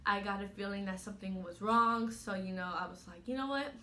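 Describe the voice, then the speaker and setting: A teenage girl talks straight to her viewers in a loose, chatty storytelling voice that keeps circling back with "you know." Her tone is bright and forward, sitting at an ordinary middle pitch for a young woman. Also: fairly even intonation, a little fast. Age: late teens. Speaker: vlogger. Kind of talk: casual storytelling to camera.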